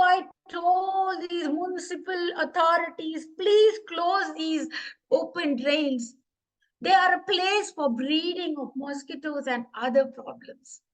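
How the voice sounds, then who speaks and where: A storyteller plays a desperate woman sweeper who wails and scolds, repeating her pleas. Her voice sits high, and she stretches her cries out slowly. It is broad, live storytelling. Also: fairly bright tone, heavily acted, poor audio. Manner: wailing, pleading repetition. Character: wailing female street sweeper, scolding and desperate.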